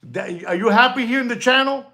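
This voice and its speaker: Excitable man chatting with livestream viewers. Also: extremely high pitch, fairly quick. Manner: excitable, talks directly to chat, slips in Spanish words. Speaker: watch dealer hosting a live stream. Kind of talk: casual livestream chat with viewers.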